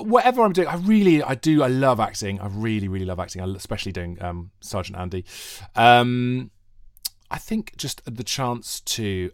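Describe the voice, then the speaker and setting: A middle-aged Welshman with a posh accent that has lost most of its Welsh lilt answers interview questions in a low voice. He rambles, restarts, and pokes fun at himself. The sound is close and dry, with no room echo. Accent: posh English-leaning, faint Welsh border. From South Wales, near the English border. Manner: self-mocking, jokey, rambling with restarts. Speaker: actor and comedian guest. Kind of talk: casual interview chat.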